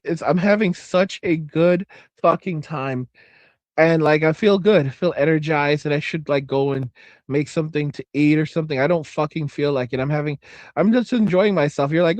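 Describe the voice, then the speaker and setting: High-voiced swearing livestream host, dry sound. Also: male voice, normal speed, no echo. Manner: rambling, swears a lot, repeats phrases; reads viewer comments aloud. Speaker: livestream host reading chat. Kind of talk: casual profane livestream chat.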